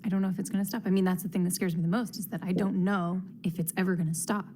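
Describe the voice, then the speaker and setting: An actress playing a frustrated young woman who vents to her partner in soft, halting, breathy complaints. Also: on the low side, steady tone, slight background noise, lightly acted. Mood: anxious. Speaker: actor in a short comedy clip.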